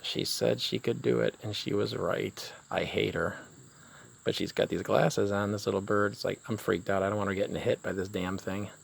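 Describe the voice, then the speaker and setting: A man filming a casual vlog outdoors, talking in an excitable, jittery way and exclaiming in disbelief. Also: on the low side, moderate pace, creaky, breathy edge. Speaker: vlogger. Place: outdoors by flowers.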